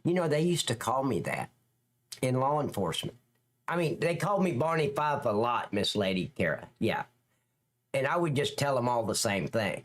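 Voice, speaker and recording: A middle-aged man hosts a live reaction stream, his voice rising and falling in a lively, animated way. He rambles and jokes with his chat viewers. His pitch sits in the middle for a man. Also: moderate pace. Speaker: live-stream host reacting to police videos.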